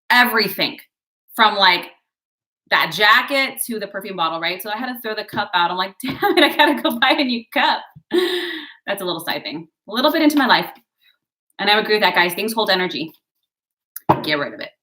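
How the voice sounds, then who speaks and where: Bright-voiced chatty woman reading tarot. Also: medium pitch. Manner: chatty, digressive, encouraging, addresses viewers as guys. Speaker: tarot and astrology reader. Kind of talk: casual horoscope reading to camera.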